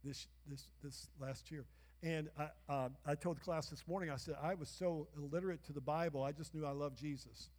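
High-voiced older pastor in a reverberant church. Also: male voice, steady tone, fairly quick. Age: 60s. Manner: call-and-response, bursts of shouting. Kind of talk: sermon. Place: church sanctuary. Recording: long reverb of a church hall.

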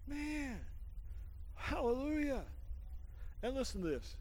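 High-voiced, animated preaching man. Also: unhurried, long reverb tail. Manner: animated, laughing often, swinging from shouts to near-whispers; folksy, calls everyone "man". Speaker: pastor. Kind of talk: sermon.

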